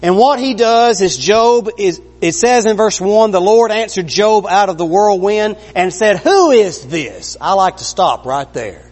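A man's voice: high-pitched, expressive, measured pace, hardly any pauses, darkish tone. A man preaching an earnest, conversational sermon, acting out the lines he quotes. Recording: long reverb of a large hall.

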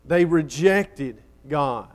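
A man's voice: fairly high pitch, expressive, very slow. A man preaching a sermon in a dramatic style, building up and then falling nearly silent at the ends of phrases.

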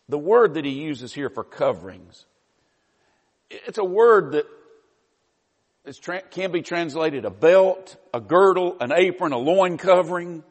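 A man's voice: sits high, measured pace. A man preaching a sermon, teaching in a conversational way with wry asides. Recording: long reverb of a large hall.

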